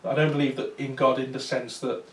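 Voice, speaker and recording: A man's voice: medium pitch, little pitch movement, brisk. Man telling ghost stories in an echoey room. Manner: chatty, anecdotal, many fillers and restarts. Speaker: paranormal investigator giving a talk. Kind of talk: storytelling talk to an audience. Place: talk venue with small audience. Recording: roomy sound from far off.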